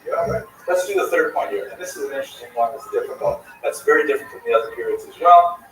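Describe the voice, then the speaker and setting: A man hosting a livestream discussion in a casual, animated way. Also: medium pitch, fast talker. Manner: animated, tells jokes. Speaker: livestream host. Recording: echoey room from far off, faint noise.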